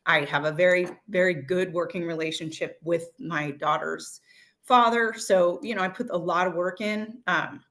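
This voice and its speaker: A woman's voice: fairly low pitch, fairly bright tone. A woman real estate agent on a video call, sharing personal reflections in a candid, blunt way and swearing casually.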